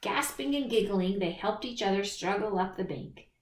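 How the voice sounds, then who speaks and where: A woman reading a children's picture book aloud in an expressive storytelling manner, in a roomy recording. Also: medium pitch, normal speed. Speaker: storybook reader. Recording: roomy echo.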